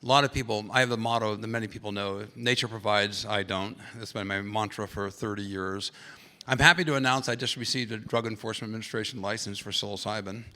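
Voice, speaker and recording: A middle-aged man on a conference panel tells stories conversationally, rambling and restarting while acting out quoted voices. His voice is fairly low and fairly even in intonation, and he talks fast with a pushed, bright quality. The conference hall gives the recording a long reverb.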